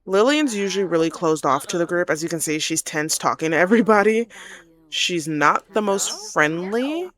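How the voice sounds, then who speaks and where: A young woman with a low voice chats casually over gameplay, often correcting herself mid-sentence. Her tone is easygoing and talkative. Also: expressive, moderate pace, a bit bright. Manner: chatty, self-correcting, laughs easily. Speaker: game streamer.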